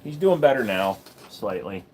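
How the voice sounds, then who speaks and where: A man's voice: fairly low pitch, big pitch swings, normal speed, slight background noise. Rambling casual male livestream host. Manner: rambling, joking, talks to his dog between topics.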